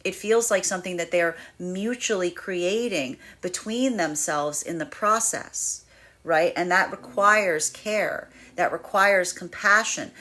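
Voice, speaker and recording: Animated woman giving a tarot energy reading. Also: fairly low pitch. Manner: animated, acts out quoted inner voices, stammers and laughs. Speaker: tarot reader. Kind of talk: spiritual energy reading monologue.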